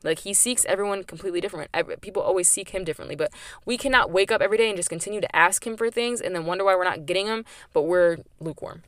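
A woman's voice: medium pitch, very fast, no echo, studio quality. A young woman hosting her own podcast, talking candidly and emphatically about faith with lots of "like" in her speech. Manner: candid, chatty, emphatic with frequent "like". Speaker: podcast host. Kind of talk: personal faith podcast monologue.

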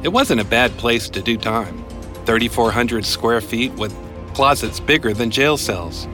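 A man hosting a true-crime podcast, narrating a scripted account in a crisp, matter-of-fact way. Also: medium pitch, measured pace, over music. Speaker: podcast host and reporter.

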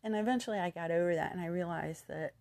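A woman's voice: lowish voice, quick pace, creaky, darkish tone, no echo. A woman in her fifties with a youthful-sounding voice, telling a personal story candidly with rambling asides and restarts. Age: 50s.

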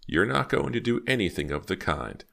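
A man's voice: fairly low pitch, very animated, creaky, voice pushed up, heavily acted. A man voicing a sly, frail old lady. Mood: sly, tart. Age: older. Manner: slow, sweetly sharp drawl.

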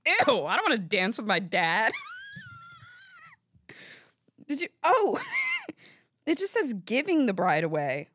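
A woman's voice: medium pitch, a bit bright, no echo. A young woman hosting a podcast in a studio, chatting casually in a rambling, giggly, self-deprecating way. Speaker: podcast host. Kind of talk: casual chat.

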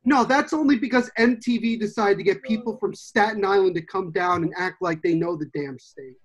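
High-pitched excitable Jersey man, hockey podcast co-host, casual and profane. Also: a little fast. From New Jersey. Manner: excitable, swears, laughs often.

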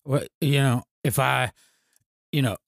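A boozy, brooding country singer, played by a man, mumbling in a soft, low drawl. He hesitates and trails off, with a dry, close sound. His pitch sits at an ordinary middle height. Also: a little slow, gravelly, no room sound. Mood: boastful. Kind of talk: improvised comedy scene.

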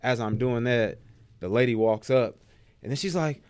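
A man co-hosting a podcast, telling a story casually and animatedly, putting on high voices to mimic others. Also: moderate pace, clean tone, no echo, studio quality. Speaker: podcast co-host.

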